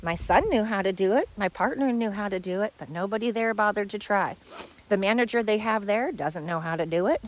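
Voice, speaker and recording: A middle-aged woman hosting her own podcast, venting sarcastically about former coworkers. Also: brisk. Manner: venting, sarcastic, mimics others in high voices. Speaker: podcast host. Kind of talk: solo podcast rant.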